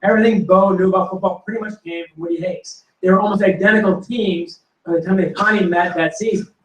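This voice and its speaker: A man's voice: high voice, fast talker. Guy spinning old football stories in a big echoey room, mic a ways off. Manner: animated anecdotes, acting out quotes and punchlines. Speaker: panelist telling football history stories. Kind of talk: storytelling to a live audience. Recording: roomy hall recording from a distance.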